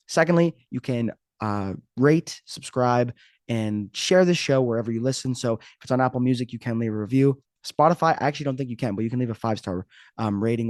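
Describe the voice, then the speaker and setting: A man's voice: mid-range voice, a little mellow, no room sound, clean studio sound. A man hosting a podcast, talking casually in a joking, rambling, self-mocking way. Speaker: podcast host. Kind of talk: casual podcast intro monologue.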